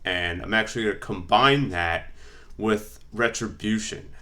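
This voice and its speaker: With a fairly low pitch and a measured pace, the wrestling vlogger sounds pushed and bright. His fantasy-booking commentary is loose and filler-heavy, rambling along while he reads his notes.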